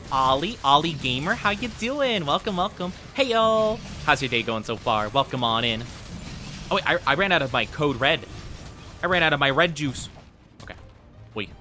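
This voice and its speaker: A man's voice: fairly high pitch, expressive, normal speed, pauses often, sharp tone, a little hiss or hum. A young man chatting casually with his live-stream audience while gaming, rambling with lots of fillers. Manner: rambling, filler-heavy, friendly with chat. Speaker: streamer playing a game.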